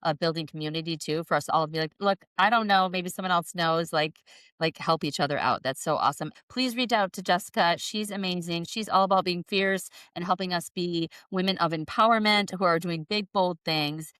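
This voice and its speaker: A woman's voice: lowish voice, fairly even intonation, fairly quick, clean tone, no echo. Effusive woman podcast host. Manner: warm-hearted, effusive, laughs easily. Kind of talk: podcast interview.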